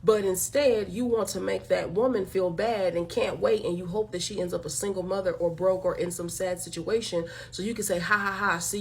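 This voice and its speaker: A woman's voice: mid-range voice, creaky, a little mellow. Woman host going off on a rant, blunt and profane, keeps saying y'all to viewers. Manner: blunt, emphatic, profane, addresses listeners as y'all. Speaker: channel host. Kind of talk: direct-to-camera commentary rant.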